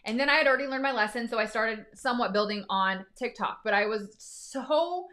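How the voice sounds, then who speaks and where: A young adult woman speaks on a live stream with a slightly high voice. Her talk is raw and emotional, blunt and peppered with swearing, like a business coach baring the hard parts. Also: brisk, a bit bright. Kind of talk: candid live stream monologue.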